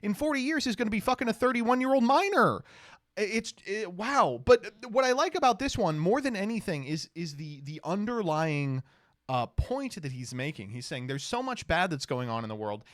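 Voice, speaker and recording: A man's voice: high voice, very animated, moderate pace, a bit bright, no echo, clean studio sound. A man streaming casual reaction commentary, sarcastic and laughing often, with plenty of swearing. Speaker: streamer reacting to clips and tweets.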